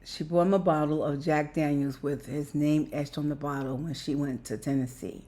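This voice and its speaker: Speaking to "you guys" in a personal vlog, this woman rambles, gets emotional, repeats herself and laughs partway through sentences. Her voice is deep and mellow, with fairly even intonation and a moderate pace.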